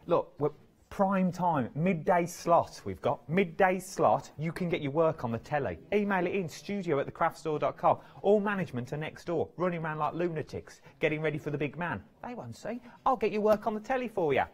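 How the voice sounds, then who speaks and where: Fairly high-pitched and at a normal speed, a man presents crafts on a live TV shopping channel. In the TV studio his sales chat is chatty and playful, full of lively banter.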